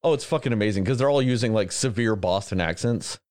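A man hosting a podcast, chatting casually in an animated, rambling way with frequent swearing. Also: lowish voice, fast, no echo, clean studio sound. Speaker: podcast host. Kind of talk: casual chat.

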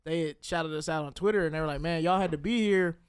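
A man's voice: fairly high pitch, fast, clean tone, no room sound, studio quality. A man co-hosting a casual comedy podcast, telling stories with a lot of laughter. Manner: animated storyteller, laughs often. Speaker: podcast co-host. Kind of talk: casual chat.

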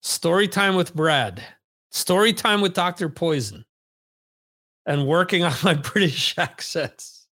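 Man, podcast host, casual chat, slow, slightly high voice, rambling, self-correcting. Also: lively intonation, bright, forceful tone. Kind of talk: casual livestream chat, reading viewer comments.

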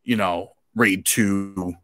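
A podcast co-host with a low, steady voice and drawn-out words chats casually and animatedly about action movies. He swears now and then.

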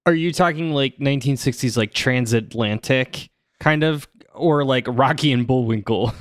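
A man's voice: medium pitch, normal speed, dry recording. Wry male co-host, sarcastic quips, dry recording. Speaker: podcast co-host. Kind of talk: casual podcast chat.

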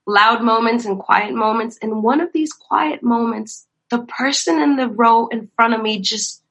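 A woman's voice: a little high, measured pace, low-quality recording. A young woman in ministry telling funny church stories in casual chat, acting out quotes and laughing often. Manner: animated, acts out quotes in a raised voice, laughs often. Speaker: ministry worker, guest.

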